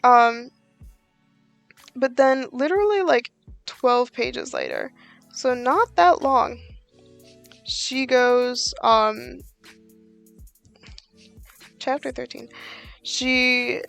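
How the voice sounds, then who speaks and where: A woman's voice: sits high, extremely slow, gravelly, pauses often, a bit bright, soft background music. A woman giving a casual book review, chatty and exasperated, with lots of "like" fillers.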